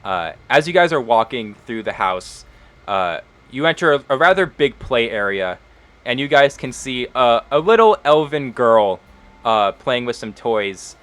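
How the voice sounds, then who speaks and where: A man's voice: medium pitch, big pitch swings, unhurried, a bit bright, clean tone. A man narrating as game master of a tabletop role-playing game, casual, with frequent ums and uhs.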